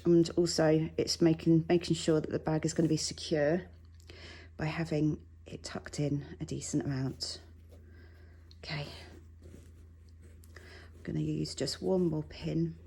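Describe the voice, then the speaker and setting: Woman, sewing teacher, husky, lowish voice, chatty and reassuring. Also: flat delivery, unhurried, warm tone. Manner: chatty, reassuring, self-deprecating asides. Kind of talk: relaxed tutorial talk while working. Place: home sewing room.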